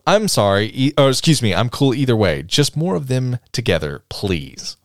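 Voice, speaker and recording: A man's voice: medium pitch, sing-song, moderate pace, no room sound, studio quality. A man hosting a casual podcast chat, reading out listener comments and stumbling over the words now and then.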